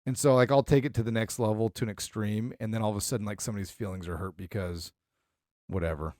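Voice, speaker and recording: A man's voice: fairly low pitch, steady tone, quick pace, darkish tone, dry recording. Emphatic opinionated man, dry sound. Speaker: podcast co-host. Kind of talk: casual chat.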